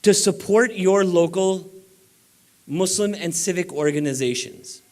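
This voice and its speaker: Keynote speaker, male, high-ish voice, emphatic and rallying, banquet speech. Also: unhurried, a little mellow. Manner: emphatic, exhorting the audience. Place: banquet room before about four hundred people.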